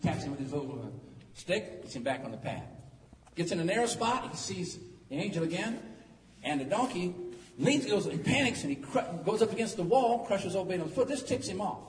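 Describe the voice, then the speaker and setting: A middle-aged man preaches a sermon in a folksy, joking, animated style. His voice sits a little higher than most men's. It echoes around a large hall and is picked up from a distance, with faint noise in the background. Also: a little fast.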